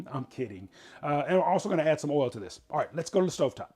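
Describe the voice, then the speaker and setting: A man's voice: on the high side, big pitch swings, quick pace, darkish tone. A man hosting a casual home cooking show, chatting folksily as he explains each step in his kitchen.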